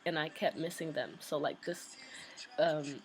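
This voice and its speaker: A woman vlogger casually telling a story, chatty and excited, with lots of "like" and "um" fillers. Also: deep voice, measured pace, a little hiss or hum, rough recording.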